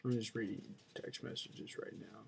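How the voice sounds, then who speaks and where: A man's voice: fairly low pitch, fairly even intonation, moderate pace, gravelly, slight background noise. A young man chatting casually to his webcam at home at his computer, rambling and mumbling with lots of fillers. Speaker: video blogger.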